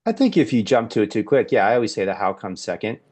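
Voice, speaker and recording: Low-voiced man talking in circles. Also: very animated, fast talker, darkish tone. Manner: rambling, many restarts and fillers. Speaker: podcast host. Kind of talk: casual group discussion.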